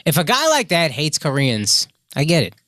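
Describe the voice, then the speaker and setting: A man's voice: on the high side, wildly swooping pitch, normal speed, a bit bright, dry recording, clean studio sound. A man on a comedy podcast talking casually in slang, swearing and acting out quotes.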